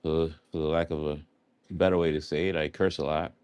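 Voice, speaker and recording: A man's voice: rumbling low, little pitch movement, fairly quick, a little mellow, clean tone, no room sound. Chatty New York man on a livestream. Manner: chatty, answers chat aloud, loose and rambling. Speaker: livestream host. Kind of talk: casual live chat with viewers.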